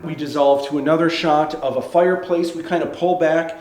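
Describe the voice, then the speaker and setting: A man teaching screenwriting in a lively, conversational way. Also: fairly high pitch, moderate pace, few pauses. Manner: animated, conversational. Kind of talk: instructional talk. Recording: roomy echo.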